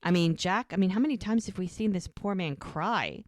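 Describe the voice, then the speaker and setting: Woman podcast host, lower register, animated recapper, dry booth sound. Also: dry recording. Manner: chatty, emphatic, recounts scenes with quick quoted dialogue. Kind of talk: casual rewatch podcast chat, recapping scenes.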